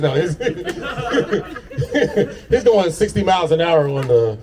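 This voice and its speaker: Brash stand-up comic, lively voice. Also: male voice, high-pitched, slow pace, crowd noise. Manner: brash, swearing, laughs through his own lines. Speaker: stand-up comedian. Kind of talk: stand-up comedy set. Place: outdoor patio comedy show. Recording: distant mic with loud audience.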